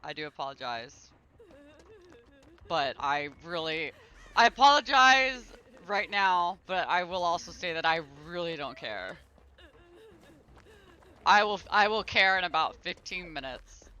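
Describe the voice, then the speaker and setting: A man's voice: fairly high pitch, lively intonation, a little slow, pauses often, pushed and bright, muffled recording. A man streaming a video game live, talking to himself in an exasperated, grumbling way. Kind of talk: live gameplay commentary.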